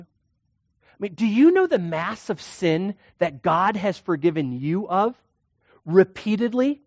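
A preacher delivers a sermon in a conversational manner, full of rhetorical questions and acted-out quotes. The voice sits at a middle pitch. The sound is dry and close. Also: sing-song, slow, darkish tone, no echo.

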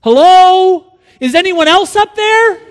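A male preacher acting out a frightened man clinging to a branch on a cliff, crying out for help in shrill, desperate bursts, with a long hall reverb. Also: expressive, takes it slowly, exaggerated voice.

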